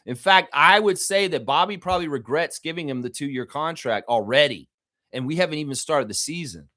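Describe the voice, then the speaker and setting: A man's voice: on the high side, fairly quick. Guy ranting hard about his team, cussing a lot, voice jumping all over. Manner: animated, profane, indignant. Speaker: sports fan show host. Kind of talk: heated fan rant.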